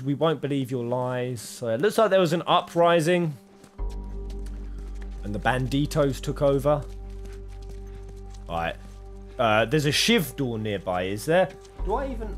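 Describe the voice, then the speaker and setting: A man commentating his own gameplay, swinging from quiet mumbling to sudden yells. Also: medium pitch. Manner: excitable, swings from mumbling to yelling. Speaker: gaming streamer.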